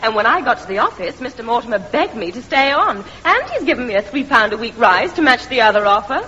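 An actress voicing a teasing older sister in a vintage radio sitcom. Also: female voice, fairly high pitch, very animated, fast, bright, forceful tone, a little hiss or hum. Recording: dull old broadcast with hall reverb and audience.

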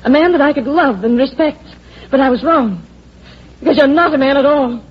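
An actress playing a sharp-tongued female secretary torn between love and hatred for her boss, in 1940s radio acting on a dull lo-fi old radio recording with faint music behind. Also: high voice, moderate pace, close to an everyday voice. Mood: bitter.

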